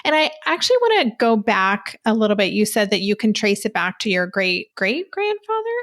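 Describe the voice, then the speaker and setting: A woman's voice: mid-range voice, big pitch swings, a little fast, a bit bright. Woman podcast host asking questions. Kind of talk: interview hosting.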